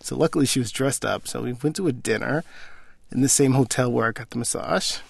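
Young man, gravelly mid-pitched voice, animated casual storyteller, dry close sound. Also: fairly quick, dry recording. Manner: animated, acts out quoted dialogue. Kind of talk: casual personal anecdote.

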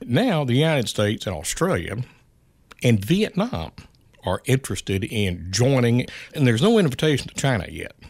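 A middle-aged man giving wry, unhurried political commentary as a regular guest on a radio show. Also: medium pitch, big pitch swings, gravelly, husky, no room sound. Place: radio studio.

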